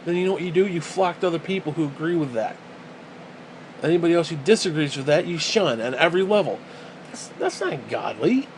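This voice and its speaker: A man vents in a heated, profane rant, his voice sitting a little high. He circles back and repeats himself as he talks. A faint hum runs underneath the recording. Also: rough recording. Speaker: vlogger. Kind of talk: ranting monologue.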